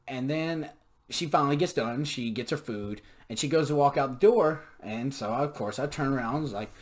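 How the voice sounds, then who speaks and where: A man's voice: mid-range voice, lively intonation, moderate pace. A young man telling stories in a casual monologue, profane, sarcastic and ranting. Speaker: podcast storyteller.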